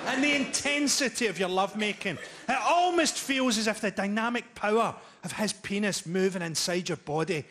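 A man in his forties performing a stand-up routine on a live stage, telling dark, profane jokes in a deadpan way. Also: high voice, moderate pace, hardly any pauses, slight background noise. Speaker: stand-up comedian. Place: live comedy venue with audience laughter.

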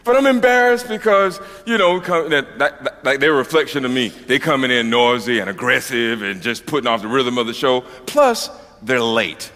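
A middle-aged Georgia man with a Southern US accent does stand-up onstage, his medium-pitched voice moving at a normal speed through a big-sounding room. He tells a loose, profane story, animated throughout and acting out the voices of his characters.

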